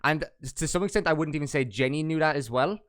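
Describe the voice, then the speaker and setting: A man's voice: on the high side, fast, a bit bright, clear, resonant tone, dry recording, studio quality. A man hosting a podcast and talking in an easygoing, conversational way. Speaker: podcast host. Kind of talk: casual podcast chat.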